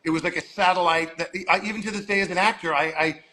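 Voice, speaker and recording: An animated New man of about sixty spins a rambling anecdote in a bright, forceful voice that sits a little high for a man. He leans into the voices of the people he quotes as he goes. A faint hum of ambience sits behind him. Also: fast talker, rough recording. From Long Island, New York. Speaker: guest storyteller. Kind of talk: casual anecdote telling. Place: modeling agency office.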